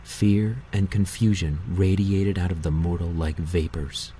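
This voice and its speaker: Deep-voiced male audiobook narrator. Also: flat delivery, a little slow, dark tone, a little hiss or hum, low-quality recording.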